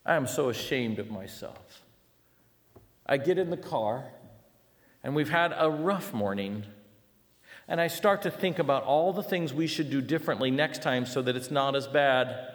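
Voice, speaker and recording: A middle-aged man preaching a sermon, telling stories with animated swings between loud and hushed delivery. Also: medium pitch, normal speed. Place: church sanctuary. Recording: long reverb of a large hall.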